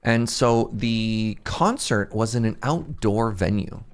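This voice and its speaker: A man's voice: on the low side, slow. A young man streaming a game, chatting casually and rambling, laughing at himself often. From Canada. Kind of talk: casual livestream chat while gaming.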